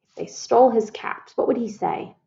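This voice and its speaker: A woman reading a picture book aloud to children, expressive, calling her listeners "friends" and asking them questions. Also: on the high side, moderate pace, vocal fry, dull audio. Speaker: storytime reader.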